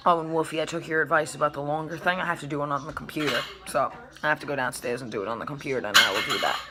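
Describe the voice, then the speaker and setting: A young woman with a low voice tells a personal story on her vlog. She talks casually, acts out what people said and swears freely. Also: very fast, very noisy. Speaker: vlogger.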